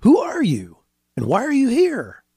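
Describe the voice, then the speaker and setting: A man voicing a sharp young Roman guard. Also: very high voice, wildly swooping pitch, unhurried, vocal fry, breathy edge, dry recording, clean studio sound, voice pushed up, heavily acted. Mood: challenging. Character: young male Roman garrison guard, stern.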